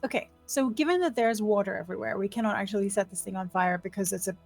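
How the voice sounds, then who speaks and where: A woman playing a tabletop game in character, animated and exclaiming. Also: mid-range voice, quick pace, creaky, faint music behind. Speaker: player. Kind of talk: casual in-character play.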